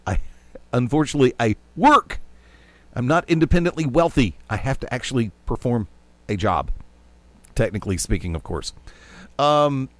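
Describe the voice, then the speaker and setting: A male radio host talking into a headset, rambling through his opinions with a jokey edge. His voice sits at a middling pitch, and the sound is dry and close with no room around it. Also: lively intonation, moderate pace, long pauses, no room sound. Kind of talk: casual sports talk radio chat.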